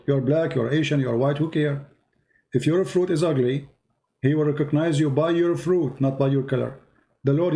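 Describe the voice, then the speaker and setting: Man hosting a call-in show, gravelly dark voice, preachy. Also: on the high side. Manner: preachy, quotes scripture at length. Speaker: show host. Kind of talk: live call-in debate.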